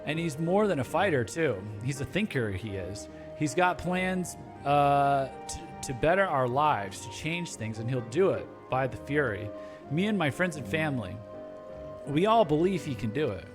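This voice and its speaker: A man's voice: on the high side, sing-song, moderate pace, over music. A man reading out the lines of an eager common townsperson in a fantasy game, in chatty, folksy speech. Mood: admiring.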